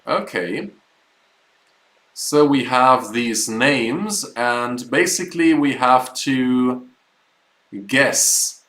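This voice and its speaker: A man's voice: mid-range voice, fairly bright tone, reverberant, low-quality recording. A man teaching a live online German class, explaining words patiently step by step.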